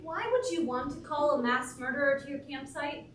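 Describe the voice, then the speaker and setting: A woman's voice: high voice, fairly quick, a little hiss or hum, close to an everyday voice. An actress playing a curious, amused young woman camper in a stage play. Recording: roomy stage sound from a distant mic.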